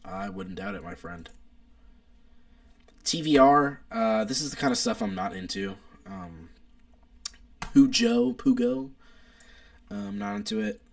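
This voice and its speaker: A man's voice: on the low side, big pitch swings, unhurried, long pauses. A young man, hosting a casual live stream, opinionated and rambling as he reads chat aloud. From United States.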